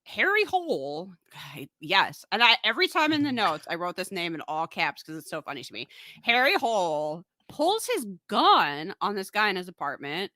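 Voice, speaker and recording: A woman's voice: mid-range voice, sing-song, normal speed, bright, forceful tone, dry recording. A woman co-hosting a podcast, recapping a movie in a casual, sarcastic way and swearing freely. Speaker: podcast co-host. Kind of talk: casual comedic film recap.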